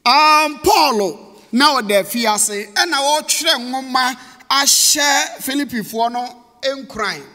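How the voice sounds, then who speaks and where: Very high-pitched and sharp, this man preaches slowly in a church hall whose long reverb trails after his words. He's a Ghanaian pastor, Twi being his first language, moving between English and Twi, repeating key words, and calling out to his congregation.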